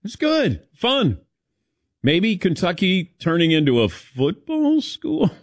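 Man, sports radio host, lively swooping pitch, teasing, dry close sound. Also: takes it slowly, dry recording. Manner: animated, teasing, calls on crew by name. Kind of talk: casual sports talk.

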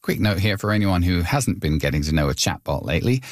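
A man's voice: sits low, expressive, fast talker, no room sound, studio quality. A man hosting a podcast, narrating and chatting in a wry conversational way. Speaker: podcast host. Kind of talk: scripted narration and chat.

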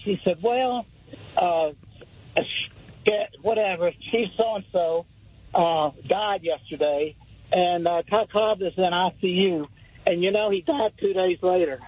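A man's voice: high-pitched, measured pace, breathy edge. Folksy older male caller telling a story. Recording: dull lo-fi radio broadcast.

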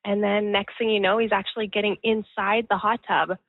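A woman tells her story over the phone in an easy, chatty way, laughing between sentences. Her voice sits at a middling pitch. The line is thin and tinny with no room sound. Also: flat delivery, fairly quick, no room sound. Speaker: interviewee, family business worker. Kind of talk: phone interview, recounting an event.

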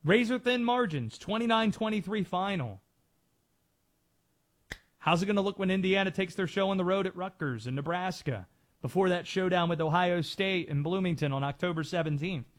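A man's voice: high voice, moderate pace. A man hosting sports talk radio from a studio, driving his points home with rhetorical questions.

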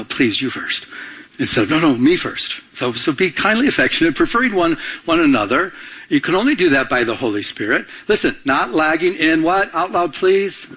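Husky pastor preaching with call-and-response. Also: male voice, medium pitch. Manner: call-and-response with the congregation, rising to excited bursts. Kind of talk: sermon.

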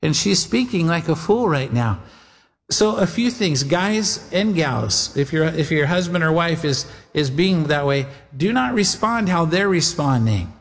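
A man's voice: on the high side, animated, a little slow, big-room sound. A male pastor preaching a sermon in a conversational way, often repeating phrases and speaking straight to his listeners.

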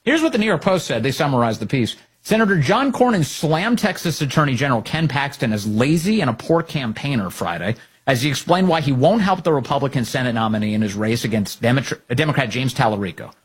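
A man's voice: mid-range voice, big pitch swings, a little fast, hardly any pauses, breathy edge. A man hosting opinionated political commentary, talking in a sarcastic, mocking way.

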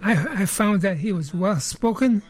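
Older man, high-ish voice, halting answers, faint guitar underneath, dry close sound. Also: lively intonation. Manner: slow, hesitant, few words. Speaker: musician interviewee. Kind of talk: reflective interview answers.

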